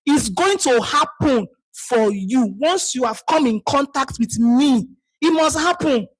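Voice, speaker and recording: A woman's voice: sits high, animated, measured pace, breathy edge, dry recording, rough recording. A woman with a Nigerian accent leading an online community call, talking bluntly and scolding her listeners. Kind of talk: live call talk to members.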